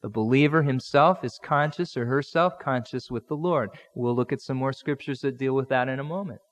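Speaking briskly in a mid-range voice, the male pastor brings the people of a Bible story to life in plain, everyday speech. It's a conversational expository sermon, recorded with a long hall reverb.

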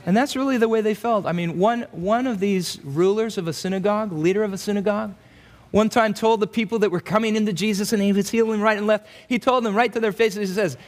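A male pastor gives an expository sermon in a fairly high voice. He is animated and breaks into little acted-out voices for the people in his asides. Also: fast talker.

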